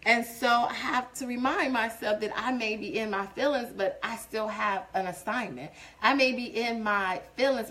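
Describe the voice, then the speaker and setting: A woman's voice: a little high, fairly bright tone, rough recording. A woman hosting a faith-based show, giving an informal devotional talk to viewers. She talks earnestly and builds to emphatic, preaching exhortation, streamed on a webcam or phone.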